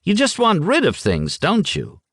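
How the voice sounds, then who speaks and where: A man putting on a brash, blustering loudmouth. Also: high voice, wildly swooping pitch, no room sound, clean studio sound, voice pushed up, exaggerated voice. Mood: nervously pushy. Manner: blustering, quick and cocky.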